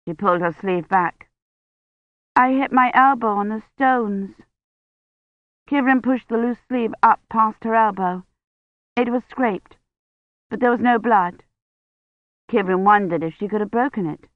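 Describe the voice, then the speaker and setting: A woman narrates an audiobook in a measured, even storytelling style. Her voice is mid-range, and the recording is dull and dry.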